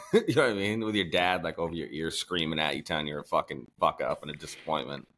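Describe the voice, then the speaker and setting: A man's voice: very deep voice, fast talker, fairly bright tone. A middle-aged man hosting a podcast, chatting casually, swearing freely and laughing as he tells stories. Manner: profane, laughing, storytelling. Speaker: podcast host. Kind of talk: casual chat.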